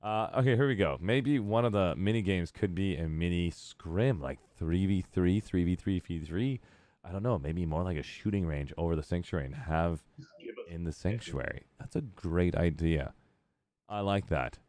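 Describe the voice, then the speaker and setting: A man's voice: low voice, normal speed, a little mellow, dry recording. A man hosting a live gaming stream, chatting casually and rambling with jokes. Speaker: streamer host.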